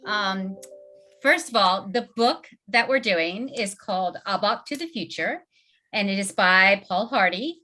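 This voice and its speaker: A woman's voice: medium pitch, measured pace, sharp tone, faint music behind. A woman with a Southern US accent hosting a casual book club webinar, chatty and full of fillers. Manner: chatty, filler-heavy, laughing often. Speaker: host.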